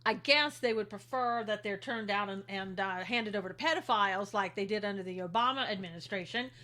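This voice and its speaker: A woman's voice: medium pitch, fairly quick, bright, forceful tone. A woman hosting a casual political commentary livestream, chatting and greeting viewers by name as she goes. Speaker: livestream host.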